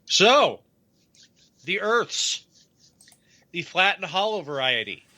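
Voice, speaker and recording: A man's voice: sits high, very animated, slow pace, pushed and bright. A man co-hosting a casual podcast, wisecracking and swearing freely. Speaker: co-host.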